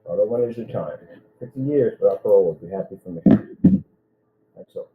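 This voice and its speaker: Over tinny audio and a noisy background, a man with a lowish, narrow voice talks a little fast. He owns a business and, in a vlog rant, keeps repeating indignant threats aimed straight at one person.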